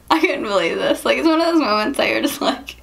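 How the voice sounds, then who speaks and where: Chatty young woman with a creaky voice. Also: sits high, expressive, fairly bright tone. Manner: chatty, lots of "like" and "um", quick laughs. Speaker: beauty vlogger. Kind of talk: casual storytelling and makeup review.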